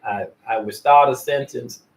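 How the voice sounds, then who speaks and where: A man's voice: medium pitch, a little slow, creaky. A man casually vlogging at home, rambling and jumping between topics with many restarts.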